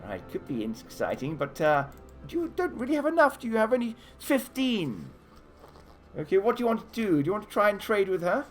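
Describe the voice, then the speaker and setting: A man's voice: sits high, fairly quick, faint music behind. A man running a live tabletop adventure game for kids, narrating scenes and offering the players choices. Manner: animated storytelling, offering choices. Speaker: game master.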